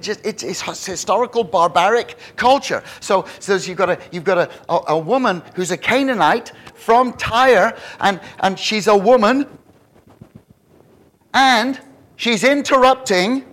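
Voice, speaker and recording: Animated preacher man. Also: sits high, normal speed, few pauses. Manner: animated, emphatic preaching with frequent restarts. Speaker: pastor. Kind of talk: sermon.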